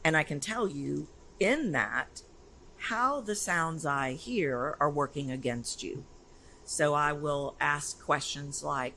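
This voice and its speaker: Energetic woman voice coach. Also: low voice, slow pace, gravelly, slight background noise, low-quality recording. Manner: energetic, emphatic, animated storytelling. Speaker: voice coach guest. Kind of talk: casual interview talk.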